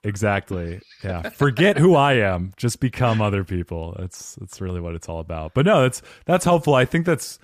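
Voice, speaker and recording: A man's voice: fairly low pitch, lively intonation, normal speed, few pauses, no room sound, studio quality. A man hosting a podcast, chatting casually in a playful, joking way. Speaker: podcast host.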